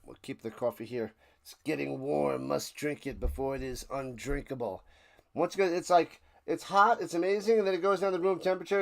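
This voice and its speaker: A man streaming a live watch-along, rambling between plays and shouting out big plays. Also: fairly high pitch. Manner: rambling chatter with sudden shouted play calls.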